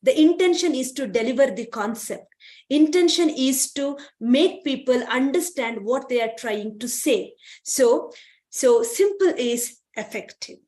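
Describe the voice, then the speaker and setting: A woman with an Indian English accent gives a lecture to students on speaking well. Her voice sits high, and she talks earnestly, circling back with "you know" and "okay" as she explains. She sounds like a trainer addressing a class. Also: expressive, measured pace, darkish tone.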